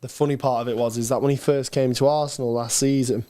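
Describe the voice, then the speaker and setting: Laid-back young bloke chatting football. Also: male voice, mid-range voice, fairly even intonation, fast talker, warm tone. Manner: chatty, hesitant restarts, laid-back banter. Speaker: watchalong co-host. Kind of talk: casual football watchalong chat.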